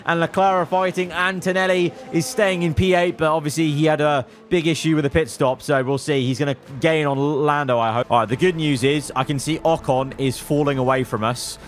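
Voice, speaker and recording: A young man narrates his racing management game as it unfolds, with a voice that sits a little high. He mutters strategy to himself, then bursts out loud when things go wrong, and he coaches his drivers like mates. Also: brisk, few pauses, soft background music. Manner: excitable, talks to his drivers, swings from muttering to yelling. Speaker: gaming video creator. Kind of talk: live gameplay commentary.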